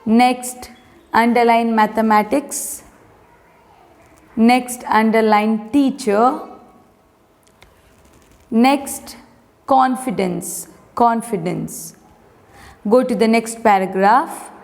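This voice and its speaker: Female teacher, Indian English accent, slow, word-by-word instructions to a young class, lingering reverb. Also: a little high, gravelly, darkish tone. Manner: slow, deliberate, gives underlining instructions word by word. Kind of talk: reading a textbook lesson to young pupils.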